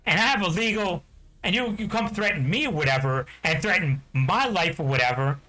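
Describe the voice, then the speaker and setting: A man's voice: sits high, expressive, brisk, bright, forceful tone, rough recording. A man from New Jersey, a game streamer, ranting angrily with heavy swearing and constant "you know what I'm talking about" fillers. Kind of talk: angry ranting chat.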